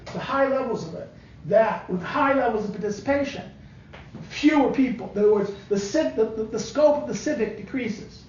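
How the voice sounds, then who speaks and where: Male professor with a high voice, halting lecture style, recorded muffled in a classroom. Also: a little mellow, a little hiss or hum. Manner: halting, many restarts and fillers, walks through diagrams. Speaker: political science professor.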